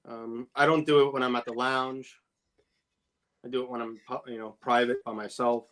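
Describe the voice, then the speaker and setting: A man's voice: medium pitch, level tone, normal speed, a bit bright. A man who co-hosts a casual cigar podcast, a former tobacconist who gives short, laid-back answers.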